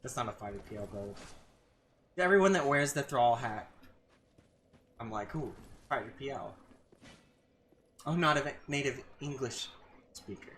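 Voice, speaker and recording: A man's voice: medium pitch, expressive, moderate pace, pauses often, a bit bright, a little hiss or hum. A man streaming a live game session, reading chat aloud and reacting casually to the fight.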